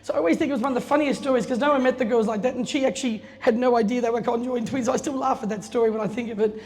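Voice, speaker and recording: Brisk, chatty woman in her middle years telling anecdotes aloud, recorded in a reverberant hall. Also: on the high side, fairly even intonation, darkish tone. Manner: chatty, laughing, acts out quoted voices. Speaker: guest speaker telling a story at an opening. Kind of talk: casual anecdotal speech. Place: event space. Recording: long reverb, faint room noise.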